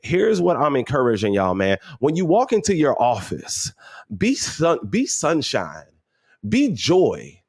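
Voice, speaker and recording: A man's voice: medium pitch, huge pitch swings, unhurried, a little mellow, slightly rough. A man hosting a motivational livestream, talking casually and emphatically, repeating his points and using slang. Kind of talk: animated motivational talk.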